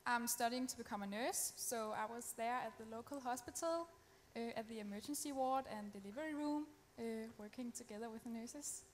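A young woman pageant contestant answers hesitantly, filling pauses with ums. Her voice is fairly high. Clear background noise from the live stage runs under her. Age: young adult. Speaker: pageant contestant, nursing student.

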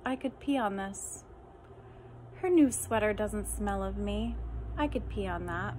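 Deadpan woman reading comic poems. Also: mid-range voice, slight background noise. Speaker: reader. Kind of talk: reading humorous poems aloud.

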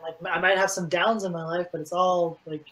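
This high-voiced fitness coach talks a little fast on a low-quality recording. Casual and full of energy, he spins animated stories in his interview, peppered with "like."

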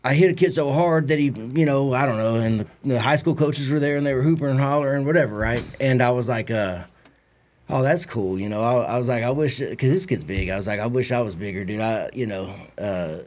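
A man's voice: mid-range voice, brisk, a little mellow. A man with a Texan accent telling a rambling, profane story on a podcast, acting out what others said. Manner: profane, rambling anecdotes with acted-out quotes. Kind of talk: casual storytelling.

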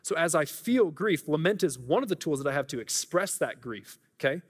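A man's voice: fairly high pitch, animated, a little fast, breathy edge. A man preaching a sermon in a church, earnest and conversational, often restarting his sentences. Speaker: pastor. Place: church sanctuary. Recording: reverberant church hall.

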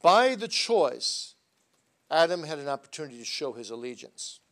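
Lecturer, male, fairly high gravelly voice, animated classroom delivery. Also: moderate pace. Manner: animated storyteller, voice swinging from soft asides to loud emphasis. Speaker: seminary lecturer.

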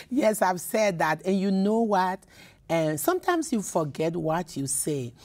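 A woman's voice: lowish voice, big pitch swings, takes it slowly, darkish tone. A woman from Liberia, a poet and professor, telling personal stories in a radio interview, with many repeats and restarts. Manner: emotional, repeats words, restarts often.

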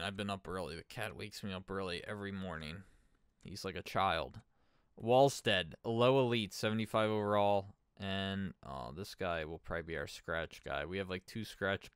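Guy streaming a game, lowish smooth voice, dry sound, thinking out loud and chatting w viewers. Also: no room sound. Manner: thinks aloud, chats with viewers. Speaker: gaming streamer. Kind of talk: casual gameplay commentary.

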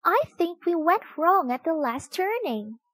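A woman voicing a clever, self-assured young girl in a storybook, confident and a bit louder. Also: very high voice, very animated, measured pace, no echo, voice pushed up, heavily acted.

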